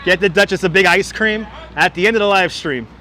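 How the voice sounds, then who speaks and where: A man's voice: sits high, fairly quick, bright, forceful tone. A man hosting a walking livestream outdoors, chatting and joking as he reads viewers' comments aloud on a clip-on mic. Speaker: livestream host. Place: outdoors on a city waterfront street. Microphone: wireless clip-on mic.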